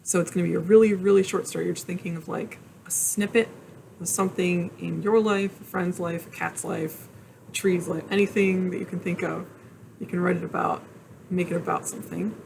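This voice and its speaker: Woman librarian, young adult, lowish gravelly voice, friendly step-by-step teaching, light hum behind. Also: steady tone, fairly quick, darkish tone. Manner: friendly, explains step by step with many ums. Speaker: librarian leading a teen program. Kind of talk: casual online workshop talk.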